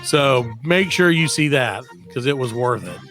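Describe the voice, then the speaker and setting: A man's voice: medium pitch, lively intonation, measured pace, a bit bright, faint music behind. A man co-hosting a casual comedy podcast, hyped and joking, laughing often. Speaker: podcast co-host.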